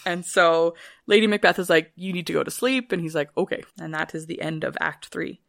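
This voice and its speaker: A woman with a fairly low voice tells a story in a relaxed podcast chat. She is playful and swears freely, and she briefly acts out the characters' lines as she goes. The recording is dry and close to the mic. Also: fairly quick, gravelly, dry recording. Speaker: podcast guest retelling a play.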